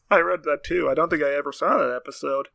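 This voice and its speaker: Male co-host, higher pitch, crisp bright tone with gravel, eager and laughing. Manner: excitable, quick to laugh. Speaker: podcast co-host. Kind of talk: casual chat.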